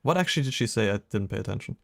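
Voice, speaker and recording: A man's voice: on the low side, lively intonation, very fast, gravelly, fairly bright tone. A young man casually commenting on a detective game while streaming, chatty and rambling, often laughing, with a slightly sick voice.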